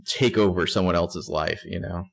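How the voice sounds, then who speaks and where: A man's voice: sits low, steady tone, moderate pace, creaky. A man co-hosting a casual TV recap podcast, narrating scenes bluntly and swearing often. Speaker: podcast co-host.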